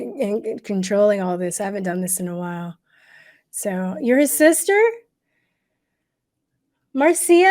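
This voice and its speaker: A woman hosting a casual livestream, talking to viewers with many pauses, fillers and restarts, and growing emotional at times. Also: on the high side, darkish tone. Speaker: livestream host.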